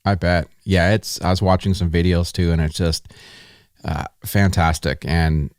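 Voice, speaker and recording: Deep-voiced enthusiastic male host. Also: steady tone, a little slow, clear, resonant tone, no room sound, studio quality. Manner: enthusiastic, affirming interviewer. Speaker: podcast host. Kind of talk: casual interview chat.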